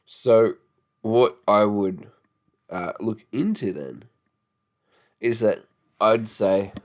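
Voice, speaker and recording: A man's voice: lowish voice, drawn-out words. A young Australian man in his twenties hosting a solo podcast, rambling and swearing freely as he talks. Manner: rambling, swears freely, mocking put-on voices. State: sore tongue and jaw. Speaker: podcast host. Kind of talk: casual podcast monologue.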